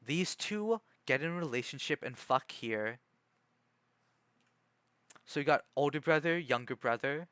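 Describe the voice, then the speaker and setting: Male streamer, slow rambling chat, bright voice, dry close sound. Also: fairly high pitch, animated, clear, resonant tone, no echo. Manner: rambling, self-correcting, many "you know"s. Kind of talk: casual chat while reading a book aloud.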